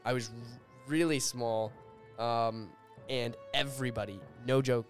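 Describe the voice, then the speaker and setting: A man co-hosting a podcast, telling a childhood anecdote in casual, halting chat. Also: medium pitch, faint music behind. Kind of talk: casual storytelling.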